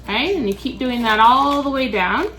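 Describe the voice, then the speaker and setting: A woman giving a casual, step-by-step craft tutorial in a relaxed, chatty way. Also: sits high, normal speed. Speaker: crafts instructor.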